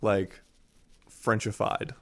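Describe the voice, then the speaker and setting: A man co-hosting a podcast, chatting casually with wry remarks and frequent quick agreement. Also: a bit bright. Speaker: podcast co-host. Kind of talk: casual chat.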